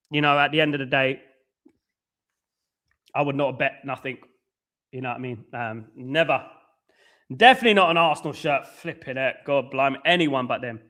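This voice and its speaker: A rambling, teasing young man with a London accent, chatting to viewers on a live stream. His voice sits a little high and sounds bright and forceful. He swears freely. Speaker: host. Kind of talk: casual live-stream chat answering viewers.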